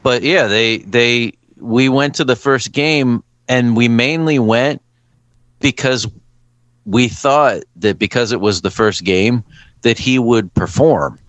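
A man's voice: mid-range voice, takes it slowly, a bit bright, no echo. A man co-hosting a casual podcast chat, telling stories in a dry, wry way. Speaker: podcast co-host.

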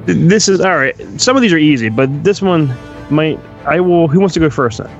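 A man's voice: a little high, animated, fairly quick, dull audio, soft background music. A man co-hosting a podcast in a laid-back, joking way, talking loosely. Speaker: podcast co-host. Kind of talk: casual chat.

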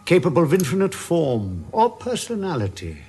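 An actor playing a suave, scheming male villain in a 1980s TV drama, with a smooth, theatrical delivery over music. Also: a little high, wildly swooping pitch, normal speed, darkish tone, heavily acted. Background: music score.

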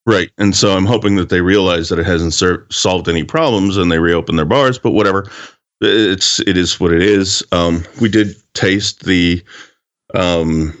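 Male co-host, very deep voice, relaxed and halting, a bit lo-fi. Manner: laid-back, hesitant with many fillers. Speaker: podcast co-host. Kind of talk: casual chat.

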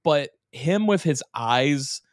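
A man's voice: a little high, expressive, slow pace, no echo, clean studio sound. A man co-hosting a casual podcast, animatedly recapping an episode with swearing and silly voices. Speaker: podcast co-host.

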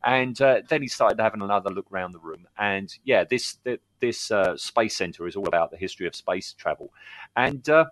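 A man co-hosting a casual podcast chat, telling anecdotes and quoting people in animated put-on voices. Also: on the low side, normal speed, no room sound. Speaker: podcast co-host.

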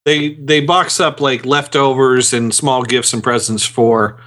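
A man co-hosting a fan podcast, talking casually with halting restarts. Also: mid-range voice, steady tone, a bit bright. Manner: halting, lots of restarts and laughs. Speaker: podcast co-host. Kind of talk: casual chat.

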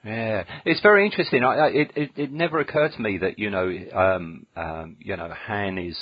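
A man's voice: on the low side, moderate pace, no echo, dull audio. Man, podcast host, casual chat, dry humor, dead dry sound. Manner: musing, dry jokes, many fillers.

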